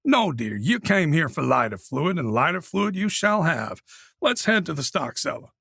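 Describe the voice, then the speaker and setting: A man narrating an audiobook voices a nervous male shopkeeper who is overly polite and quickly flustered. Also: on the high side, very animated, vocal fry, fairly bright tone, no echo, clean studio sound, heavily acted. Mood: polite, genial. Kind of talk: audiobook character voice.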